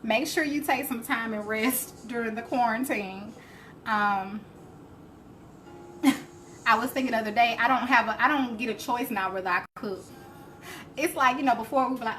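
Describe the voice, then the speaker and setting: A woman's voice: a little high, moderate pace, long pauses, fairly bright tone. A woman hosting a live cooking stream, chatting and laughing as she answers viewer comments. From Alabama, US. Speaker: cooking show host. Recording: faint background noise.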